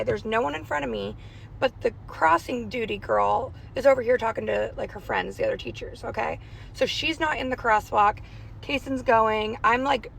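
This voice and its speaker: A woman's voice: a little high, gravelly, a bit bright, a little hiss or hum, poor audio. Anxious chatty woman vlogging from her car. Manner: chatty, anxious, rambling storytelling. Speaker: parent vlogger. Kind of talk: casual storytime vlog. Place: in a car in a school pickup line. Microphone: phone held in car.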